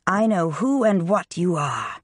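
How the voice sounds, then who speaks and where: A woman's voice: big pitch swings, measured pace, dry recording, clean studio sound. A woman doing a gloating, menacing young male wizard. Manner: low, gloating, half-whispered menace.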